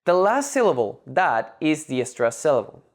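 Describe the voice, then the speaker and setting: A language teacher giving a scripted lesson narration, measured and methodical, breaking words into syllables. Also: medium pitch, sing-song.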